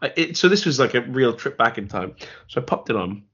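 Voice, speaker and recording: A man's voice: mid-range voice, very animated, a little fast, fairly bright tone, slightly rough. A man co-hosting a casual film podcast, rambling with many restarts and dry jokes. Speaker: podcast co-host. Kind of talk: casual film review chat. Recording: dull lo-fi audio.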